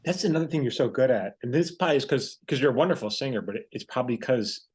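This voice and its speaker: A man hosts a relaxed podcast interview, throwing in short replies and loose follow-up questions. His mid-range voice rises and falls in a very lively way. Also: medium pitch. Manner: conversational, quick back-channel replies. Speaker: podcast host and screenwriter. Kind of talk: casual interview.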